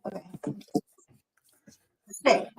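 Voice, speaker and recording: A young woman vlogging casually while walking outside on ice, excitable, swearing and laughing a lot. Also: slow pace, low-quality recording.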